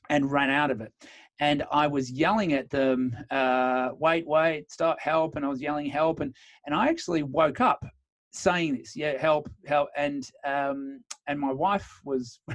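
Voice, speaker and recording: A man's voice: medium pitch, no echo. A male podcast host in a mid-range voice talks easily and asks questions with many ums. He tells stories in a conversational way. The recording is dry and close. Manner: conversational, chatty storytelling, frequent ums. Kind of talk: casual podcast interview.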